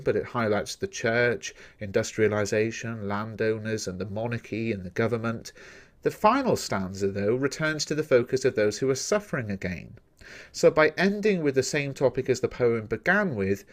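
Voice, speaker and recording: A man gives a recorded lesson on a poem, with his voice sitting in an ordinary middle pitch. He explains each point in a measured, methodical way and speaks straight to his viewers. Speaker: teacher. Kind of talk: recorded poetry analysis lesson.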